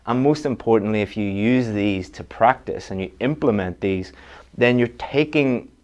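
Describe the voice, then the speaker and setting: A man's voice: on the low side, moderate pace, a little mellow, highs cut off. A man giving a direct, practical online exam-prep lesson, with frequent restarts. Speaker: IELTS teacher.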